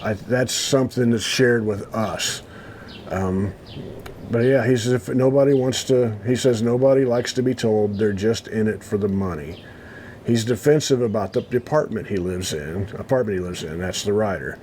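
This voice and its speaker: A man's voice: fairly low pitch, darkish tone, slight background noise. A man hosting a casual chat, reading an old magazine article aloud and breaking off to add his own comments. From United States. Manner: reads haltingly, stops to comment. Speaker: host.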